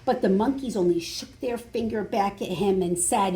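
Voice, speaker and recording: A librarian reading a picture book aloud to children, expressive, with dramatic gasps and prompts for the kids. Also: female voice, medium pitch, normal speed, a little hiss or hum. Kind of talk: storytime read-aloud for children.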